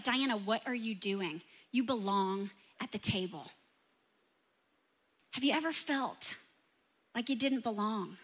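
A woman pastor preaching a lively sermon, talking straight to the congregation with questions. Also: high voice.

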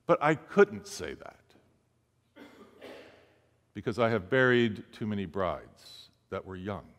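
A man's voice: lowish voice, sing-song, slow pace. Male pastor preaching in a reverberant hall. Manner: storytelling, acts out quoted speech. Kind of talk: sermon.

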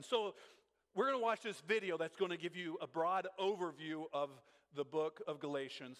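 A fairly high-pitched man gives a casual, animated sermon, breaking into laughter and playing out the lines he quotes. His voice rings with a long reverb from a church hall. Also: moderate pace. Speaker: pastor teaching a Bible class. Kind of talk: informal sermon.

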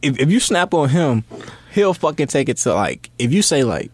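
A man's voice: mid-range voice, sing-song, normal speed. A man in casual chat, laid-back and profane, often stammering and restarting.

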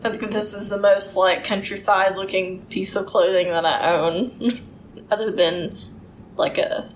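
A woman's voice: mid-range voice, steady tone, unhurried, slight background noise, rough recording. A woman co-hosting a casual podcast over drinks, rambling chattily with fillers. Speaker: podcast co-host.

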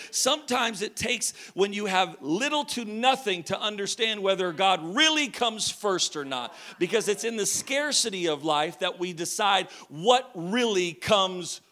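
Bright, high-voiced male preacher; animated, joking sermon delivery. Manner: lively storytelling, jokes with the congregation, shouts at times.

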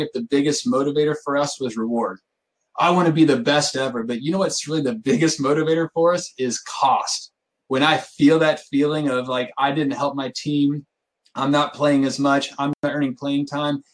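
A man with an ordinary mid-range voice talks through a coaching idea in casual podcast chat. He is earnest and keeps checking in with his listener with quick rhetorical asides. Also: mid-range voice, low-quality recording. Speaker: youth soccer coach, co-host.

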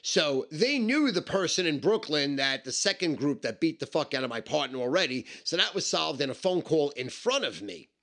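A man's voice: a little high, big pitch swings, normal speed, few pauses, a bit bright. A man telling a personal story in a blunt, emphatic and heavily profane way. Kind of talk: casual spoken anecdote.

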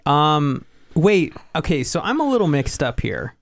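Podcast guy, deadpan jokey banter, laughs a lot, dry close mic. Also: fairly high pitch, a little slow, gravelly, no echo. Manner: playful, deadpan teasing, laughs often. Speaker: podcast co-host. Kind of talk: casual joking chat.

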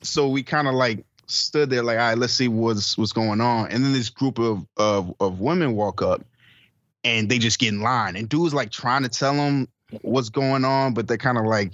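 During a relaxed podcast chat with friends, a male co-host tells a story, voicing its characters and swearing and laughing frequently. He speaks at a moderate pace in a mid-range, slightly bright voice, and the recording is muffled with no room sound.

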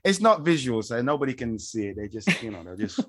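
A man co-hosting a podcast who talks in loose, rambling bursts. He jokes around and laughs often, with a voice of ordinary middle pitch. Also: very animated, fairly quick, a bit bright, dry recording, clean studio sound. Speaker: podcast co-host. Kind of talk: casual chat.

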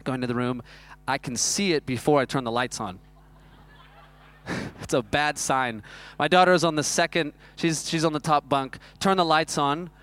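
Aussie pastor guy, clear smooth voice, animated storytelling sermon, pokes fun at himself. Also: fairly high pitch, moderate pace. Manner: storytelling, animated, self-mocking.

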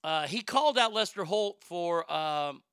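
A man's voice: high voice, expressive, a little slow, a bit bright, smooth, dry recording, studio quality. A man hosting a talk show in casual chat, blunt and profane, rambling with frequent restarts. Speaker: podcast host.

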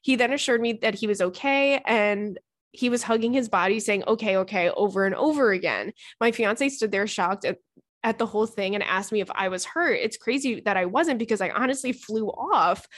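A woman's voice: medium pitch, normal speed, no room sound, studio quality. Giggly young woman podcast host. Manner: giggly and playful, jokey asides. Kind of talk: casual chat reading listener stories.

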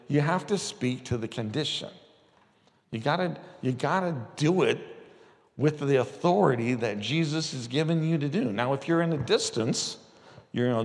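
A man's voice: medium pitch, long reverb tail. A man preaching a conversational sermon, telling stories with acted-out quotes. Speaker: pastor. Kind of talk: sermon teaching with storytelling.

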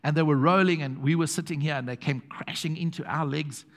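A middle-aged South African man preaching a sermon as pastor, telling stories with chuckles and quiet emphatic asides. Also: a little high, fairly even intonation, brisk. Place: church hall. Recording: long hall reverb.

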